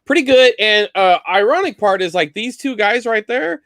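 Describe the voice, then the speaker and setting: A man's voice: high voice, lively intonation, normal speed, fairly bright tone, dry recording. A man co-hosting a live online collecting chat, talking casually and rambling with lots of fillers over a video call. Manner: rambling, loose, many fillers.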